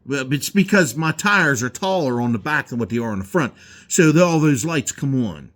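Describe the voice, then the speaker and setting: A man's voice: medium pitch, animated, normal speed, a bit bright. A man in his garage, heatedly ranting in a rambling, profane vlog monologue. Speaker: garage owner. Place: indoor garage.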